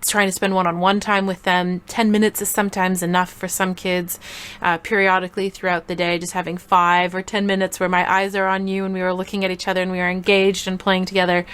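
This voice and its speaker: A woman coaching parents in a short tips video, upbeat and playful, now and then acting out little examples. Her voice sits at a middle pitch and is easy to follow. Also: clean tone. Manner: energetic and playful, acts out examples.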